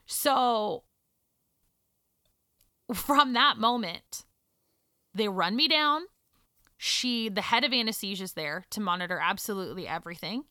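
Bright, clear-voiced woman storyteller. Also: medium pitch, a little slow, pauses often, no echo, studio quality. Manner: animated, drops to a hush for emotional moments. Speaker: guest telling her birth story. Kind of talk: casual storytelling chat.

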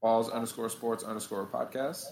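A man's voice: medium pitch, fairly even intonation, normal speed, creaky, a little mellow, poor audio. A man co-hosting a podcast, answering in short, laid-back casual remarks. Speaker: podcast co-host.

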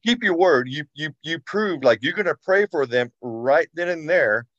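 Talk as an emphatic man, dry and a bit muffled, mid pitch. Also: lively intonation, normal speed, a bit bright, no echo. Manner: emphatic, repeats himself, says y'all. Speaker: study group member. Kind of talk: casual group discussion. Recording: dry, dull sound.

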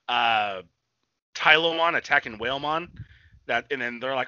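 A young man chatting as a podcast co-host, swearing constantly and bursting into loud shouted quotes. His voice has a very bright, forceful edge. It is recorded dry, with a slightly dull, lo-fi sound. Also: medium pitch, normal speed, pauses often, no room sound. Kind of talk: casual profane chat recapping a cartoon.

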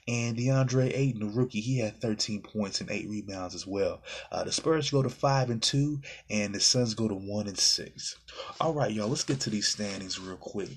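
A man's voice: fairly low pitch, slightly rough. A man giving casual basketball commentary, heated and ranting at a player, then reading out scores. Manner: heated ranting, swearing, addressing the player directly. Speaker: sports commentator.

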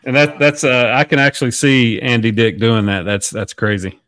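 A man hosting a podcast, asking relaxed questions in casual chat with filler words. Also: medium pitch, normal speed, dry recording. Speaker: podcast host.

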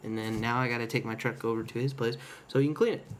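A young man in casual chat, telling stories with lots of swearing and animated laughter. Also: mid-range voice, quick pace, slight background noise. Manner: swears a lot, animated storytelling.

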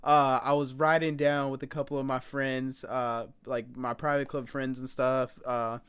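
A man's voice: medium pitch, level tone, unhurried, fairly bright tone, clear, resonant tone. A man hosting a casual chat with a laid-back way of talking.

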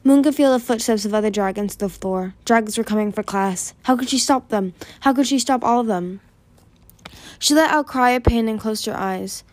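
A woman reads a fantasy novel aloud to listeners, chapter by chapter. Her voice sits fairly high. She pushes the dialogue up with urgency, and the recording is dry with no room sound. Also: brisk, darkish tone, no echo. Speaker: audiobook reader. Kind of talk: fan audiobook reading.

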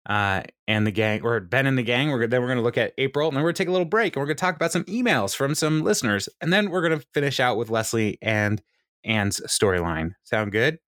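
A man's voice: mid-range voice, lively intonation, quick pace, a bit bright, no echo, studio quality. A man co-hosting a podcast in casual chat, rambling and laughing often. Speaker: podcast co-host.

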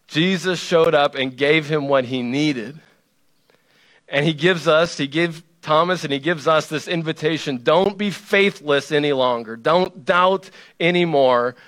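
A man delivers a sermon in a casual, conversational tone, his voice sitting a little on the high side. He leans on repetition to press each point home. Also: measured pace, a bit bright. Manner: conversational and playful, with emphatic repetition. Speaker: pastor.

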